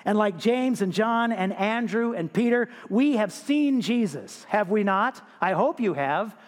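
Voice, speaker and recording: A man's voice: high voice, expressive, a little slow. A male pastor preaching a sermon in a conversational way, often turning to the congregation with rhetorical questions. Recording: long reverb of a large hall.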